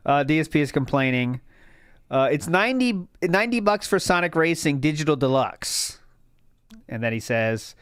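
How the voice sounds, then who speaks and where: A man's voice: fairly high pitch, wildly swooping pitch, a little slow, pauses often, fairly bright tone, no echo, studio quality. A man hosting a watch party, mocking a streamer with sarcastic running commentary. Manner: sarcastic, derisive.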